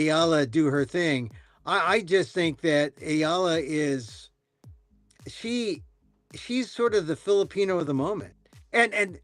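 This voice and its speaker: A man hosting a casual talk show, rambling and animated, with many restarts. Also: on the high side, dry recording. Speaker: podcast host. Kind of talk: casual chat.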